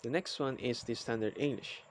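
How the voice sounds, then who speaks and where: A man giving a recorded class lecture, reading definitions aloud in a halting, repetitive way. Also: medium pitch, noisy background. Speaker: student presenter.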